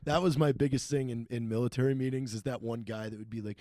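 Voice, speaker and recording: A man's voice: mid-range voice, fairly even intonation, quick pace, mellow, no room sound, clean studio sound. A middle-aged man co-hosting a casual chat, complaining bluntly and profanely. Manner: blunt, complaining, laughs along. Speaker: podcast co-host.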